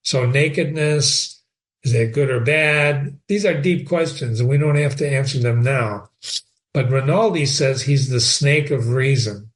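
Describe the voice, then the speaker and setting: A man's voice: medium pitch, a little slow. A man hosting a reading show, explaining a novel in a conversational teaching manner, with rhetorical questions and repeated words. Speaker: host and reader.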